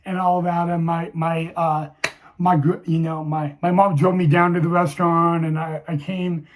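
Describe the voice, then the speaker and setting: A young man telling a personal story to viewers, halting and emotional, with many restarts. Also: a little high, flat delivery.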